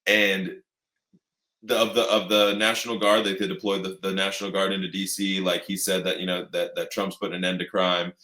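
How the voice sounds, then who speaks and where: A man's voice: low voice, little pitch movement, fairly quick, pushed and bright, echoey room. A man co-hosting a podcast in casual chat, rambling and swearing, mocking the people he quotes in put-on voices. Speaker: podcast co-host.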